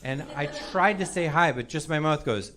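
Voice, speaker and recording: A man in his forties, with a fairly high voice at normal speed, does a self-deprecating stand-up set on a comedy club stage before a live audience. His storytelling is sheepish, and the noisy club is full of loud laughter.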